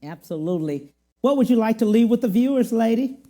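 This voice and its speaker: A woman's voice: fairly high pitch, expressive, a little fast, mellow. A woman hosting a casual interview, mostly giving short affirmations and laughing along. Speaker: host.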